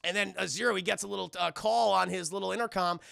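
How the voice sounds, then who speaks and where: A man streaming a profane, excitable spoiler film review, often laughing and talking to his chat. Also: sits high, quick pace, creaky, no room sound, clean studio sound.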